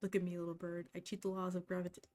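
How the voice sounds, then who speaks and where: A woman reading the lines of a gentle, confused ghost in a game, speaking softly and hesitantly. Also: lowish voice, completely flat delivery, rapid-fire, slight background noise, lightly acted. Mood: wistful. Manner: soft, hesitant, apologetic. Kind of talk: reading game dialogue aloud.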